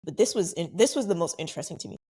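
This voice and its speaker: A woman's voice: rapid-fire, husky. Chatty young woman podcast host. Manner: chatty, animated, acts out quoted voices higher. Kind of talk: casual solo storytelling.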